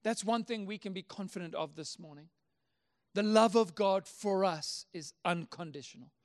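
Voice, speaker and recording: Male pastor with a very high voice, earnest, emphatic sermon delivery. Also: moderate pace. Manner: earnest, emphatic preaching with repeated phrases.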